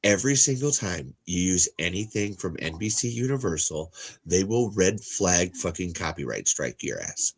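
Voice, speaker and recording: A man's voice: low-pitched, expressive, moderate pace, breathy edge. A man co-hosting a podcast in casual chat, rambling and swearing, with lots of restarts and filler words. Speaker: podcast co-host.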